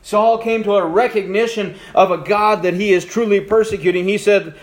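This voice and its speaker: A man with a high voice preaches from the pulpit, dropping to near-hushed tones and then rising again, stretching out key words. The sound is roomy, and his voice rings off the walls of the church sanctuary. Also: steady tone. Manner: preaching with wide swings between hushed and raised passages, slowing for emphasis. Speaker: pastor. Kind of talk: sermon. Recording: echoey church room.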